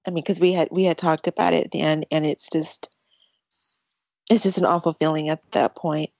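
A woman with a lowish voice tells a personal story about running a race. She speaks in halting bursts, stumbling and repeating herself, and her voice grows tearful at times. The recording is dry and sounds a little dull and lo-fi. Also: steady tone, vocal fry, darkish tone, dry recording. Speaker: ultramarathon runner guest.

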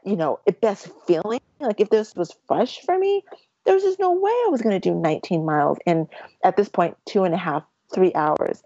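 A woman telling a long personal story about a race as a guest, talking in halting bursts with many restarts and becoming tearful at times. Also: medium pitch, a little mellow, no echo. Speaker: ultramarathon runner guest. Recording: dry, dull lo-fi audio.

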